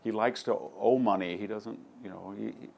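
A man with a low, gravelly voice takes a question from the audience in a lecture hall. He answers through rambling stories and slips into the voices of the people he quotes. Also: fairly even intonation, moderate pace, darkish tone, slight background noise. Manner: anecdotal, acts out quoted dialogue. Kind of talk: conversational Q&A storytelling.

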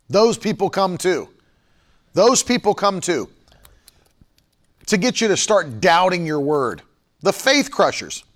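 Preaching over a livestream, this man has a high-pitched, slightly bright voice. He drives his points home emphatically, repeating key phrases, and pauses to read out comments from viewers.

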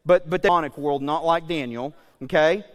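A male pastor preaching a sermon in a lively, conversational way, with joking asides and frequent checks like "okay?". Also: fairly high pitch, fairly quick, long reverb tail.

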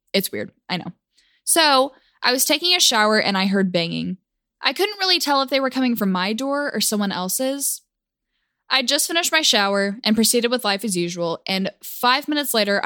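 A woman casually telling a personal story, with wry, deadpan asides. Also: medium pitch, no echo, clean studio sound.

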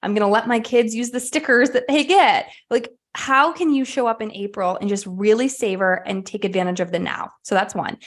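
A woman gives a motivational podcast talk in a candid, energetic way, with the odd casual swear. Her pitch sits in an ordinary middle range for a woman. She is speaking from her home. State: sweaty and a bit winded. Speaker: podcast host. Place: at home, puppy in the room.

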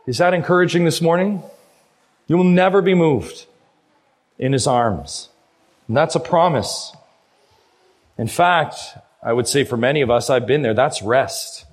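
A middle-aged man preaching a sermon as pastor, emphatic, his voice swinging between quiet low passages and loud high ones. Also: measured pace. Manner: emphatic preaching, rises and falls in pitch and loudness.

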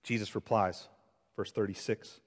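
A man preaching an expository sermon as pastor, shifting between loud emphasis and hushed, intense passages. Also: on the low side, fairly even intonation, measured pace, husky. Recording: long hall reverb.

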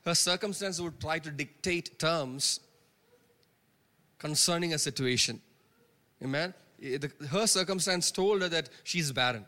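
A man's voice: fairly high pitch, measured pace, sharp tone. Man preaching in a reverberant church. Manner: emphatic preaching with repeated phrases and call-and-response "Amen?". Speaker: pastor. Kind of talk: sermon. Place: church sanctuary. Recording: long reverb of a church hall.

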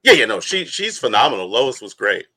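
A man's voice: mid-range voice, a little fast. A man hosting a podcast in casual chat, laughing easily and passing questions to his co-hosts. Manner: bright, laughing, lively. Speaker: podcast host.

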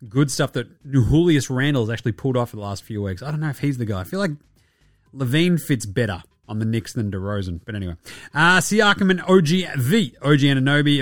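A young Australian man with a mid-range voice hosts a casual basketball podcast, sarcastic and profane, frequently putting on mocking voices for the people he talks about. There's no room sound.

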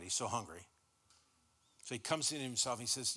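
A man's voice: medium pitch, expressive, a little fast, sharp tone. A middle-aged man preaching a sermon in a church, folksy and stumbling over repeated words as he starts his sentences. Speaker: guest pastor.

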